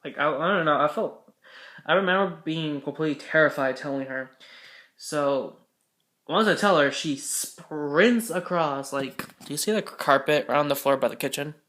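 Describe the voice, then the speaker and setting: A man's voice: fairly high pitch, normal speed, a bit bright, reverberant. A young man vlogger telling a story casually, rambling and correcting himself, swearing now and then.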